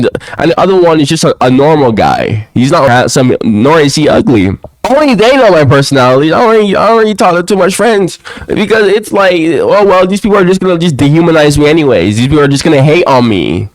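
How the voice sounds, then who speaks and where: A young man ranting to camera in a casual monologue at home, often tacking a low "bro" onto his lines. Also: sing-song, fast, few pauses, no echo, poor audio. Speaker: vlogger. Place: quiet home, alone.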